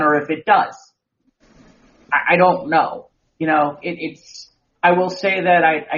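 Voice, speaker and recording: A man with a slightly high, somewhat bright voice co-hosts a podcast, chatting casually while reviewing a movie. He rambles with many restarts and repeated words, and the audio is muffled and lo-fi.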